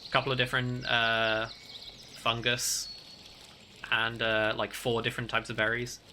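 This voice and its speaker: A man's voice: mid-range voice, monotone, normal speed, pushed and bright, a little hiss or hum. A man, narrating a tabletop game as game master in a rambling, casual way full of filler words.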